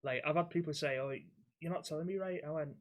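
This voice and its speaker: A man's voice: a little high, fast, highs cut off. A young man, a podcast co-host telling blunt, sweary stories from his axe-throwing job in casual chat.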